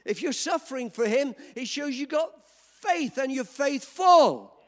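High-voiced jovial pastor in an echoing hall. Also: male voice, expressive, a little slow. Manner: jovial, joking with the congregation, emphatic. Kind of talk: sermon. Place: church hall. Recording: long reverb of a church hall.

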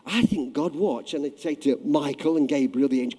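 A man preaching a sermon, telling a story with lively acted-out voices that swell loud at the high points. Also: brisk, few pauses, breathy edge. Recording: long hall reverb.

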